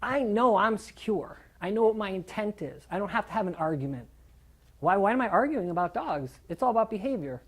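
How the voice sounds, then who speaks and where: A middle-aged man talks through a live seminar in a loose, lively way. He slips into acted-out voices and drops the odd curse word to hammer a point home, like a trainer speaking to a room of fellow dog people. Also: sits high, fairly quick. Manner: casual and animated, acts out quoted voices, swears for emphasis.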